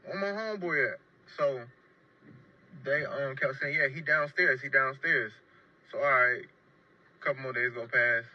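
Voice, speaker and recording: A man's voice: mid-range voice, flat delivery, a little slow, long pauses, muffled recording. A man telling a personal story casually and emphatically, often repeating his phrases. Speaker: storyteller in a played clip.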